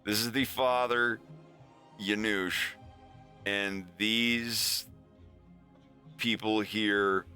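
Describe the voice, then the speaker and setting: A man's voice: on the low side, fairly even intonation, extremely slow, pauses often, pushed and bright, faint music behind. A man streaming casually, talking in a rambling, profane way. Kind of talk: casual chat.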